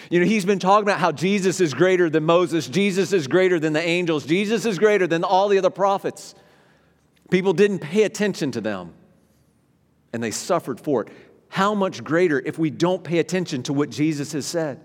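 Pastor preaching in a reverberant hall. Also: male voice, a little high, brisk. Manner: animated, voice rising and dropping for emphasis. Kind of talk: sermon. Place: church sanctuary. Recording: hall reverb from a large room.

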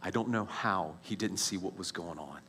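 A man's voice: low voice, normal speed, slight background noise. Man telling his testimony. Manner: animated storytelling with restarts, drops to a hush at tense moments. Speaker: speaker sharing his testimony. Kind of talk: personal testimony.

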